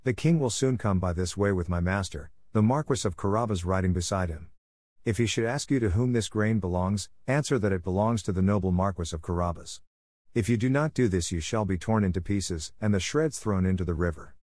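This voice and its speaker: A man's voice: deep voice, brisk, darkish tone, no echo, studio quality, lightly acted. A man voicing a clever, bold little male cat in boots, eager and pleading in turn, in a storybook reading. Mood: threatening.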